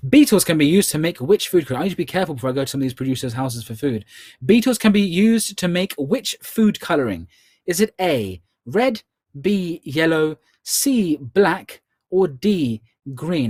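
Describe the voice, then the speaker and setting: A man hosting a live online charity quiz, reading questions slowly and slipping in joking asides. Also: a little high, darkish tone, dry recording, clean studio sound. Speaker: quiz host. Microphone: earbud headset.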